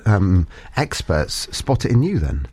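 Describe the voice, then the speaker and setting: A well-spoken man hosting a casual interview podcast, talking in an animated way. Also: sits low, measured pace, breathy edge, no echo. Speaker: podcast host.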